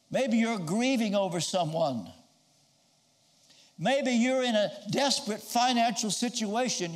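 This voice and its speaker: Male preacher, high and very animated delivery, dramatic storytelling sermon. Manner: storytelling, acting out quoted voices.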